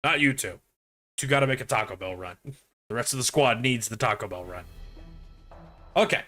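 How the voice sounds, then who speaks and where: Bright-voiced man joking over a game. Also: mid-range voice, lively intonation, normal speed, faint music behind. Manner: joking, playful asides. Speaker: game streamer. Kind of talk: casual gameplay commentary.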